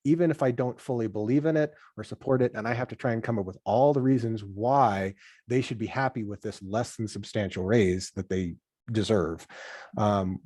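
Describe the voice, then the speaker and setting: A man being interviewed as a podcast guest, chatting in an animated way and acting out workplace conversations. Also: medium pitch, dry recording, studio quality. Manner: animated, acts out workplace dialogue. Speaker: podcast guest, software founder.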